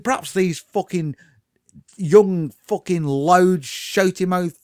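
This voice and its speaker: A middle-aged man rants with nonstop swearing, clearly wound up. His fairly high voice leaps all over the place. The sound is dry and close. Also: dry recording. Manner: sweary, exasperated, riled-up ranting. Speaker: comedic ranter. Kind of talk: profane comedic rant.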